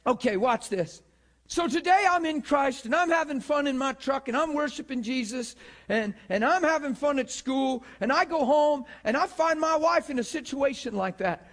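Impassioned high-voiced man preaching. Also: a bit bright. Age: 40s. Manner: impassioned, rhetorical questions, acting out quotes. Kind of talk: sermon.

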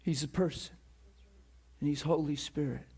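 In a slightly high, gravelly voice with a breathy edge, a pastor preaches at a moderate pace. His sermon centers on a personal anecdote told with energy, punctuated by laughter and repeated words.

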